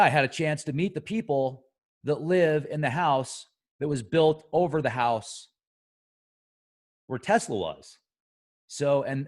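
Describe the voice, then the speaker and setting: A man hosting a conspiracy talk show, rambling in a casual monologue that jumps between loud excitement and soft trailing asides. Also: on the high side. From United States.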